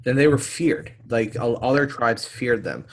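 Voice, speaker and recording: Casting: man podcast co-host, easygoing and halting, full of "um" and "like". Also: mid-range voice, slight background noise. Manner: loose, hesitant, many "um" and "like" fillers. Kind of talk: casual podcast chat.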